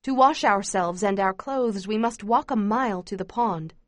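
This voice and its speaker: A woman giving steady, measured first-person narration of a memoir as an audiobook reader. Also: mid-range voice, no room sound, clean studio sound.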